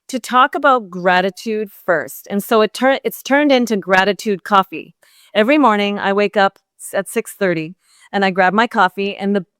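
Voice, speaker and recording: A woman's voice: medium pitch, smooth, dry recording, studio quality. A middle-aged woman from Canada, a golf pro and podcast guest, telling a story bluntly and with energy. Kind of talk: casual interview chat.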